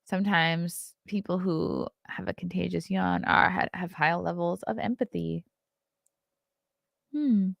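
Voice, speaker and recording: Gravelly-voiced woman hosting a livestream. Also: on the low side, measured pace, no room sound, dull audio. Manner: chatty, reads aloud and reacts, yawning. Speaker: host. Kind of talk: casual solo livestream chat.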